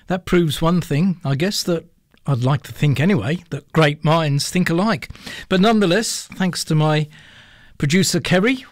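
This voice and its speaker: A man hosts a radio show in a brisk, chatty patter, speaking directly to his listeners. His voice sits slightly high for a man. The studio sound is dry and close. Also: no echo. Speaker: radio host. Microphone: studio microphone.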